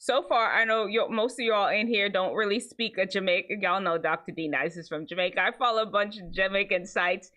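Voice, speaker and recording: A woman's voice: mid-range voice, fairly quick, hardly any pauses. A woman hosting a casual show, chatting to viewers about viral clips. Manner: chatty, animated, talks to viewers as y'all. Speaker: host of a reaction show.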